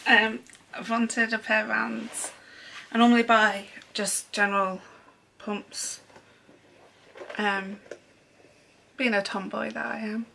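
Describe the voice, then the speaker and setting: A young woman talks through her sewing haul in an easy, meandering way, scattering ums as she goes. Her voice is bright and clear, and she takes her time, speaking at an unhurried pace. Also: on the high side, level tone, slight background noise. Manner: chatty and rambling with frequent ums. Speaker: sewing vlogger. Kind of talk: casual haul vlog chat.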